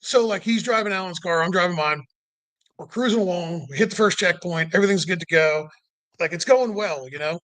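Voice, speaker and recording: Telling a long, rambling road trip story in a casual way, this man speaks briskly in a high, fairly bright voice, with no room sound. He fills it with "like" and "you know" and performs quoted people with a rising voice.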